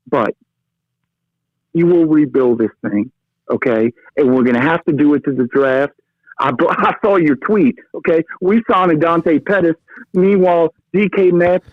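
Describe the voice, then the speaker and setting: A man's voice: fairly high pitch, no echo. A man calling in to a sports talk show, ranting with fire and tagging his lines with "okay?" and "brother.". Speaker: caller. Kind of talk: phone-in sports rant. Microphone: phone. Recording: tinny phone line.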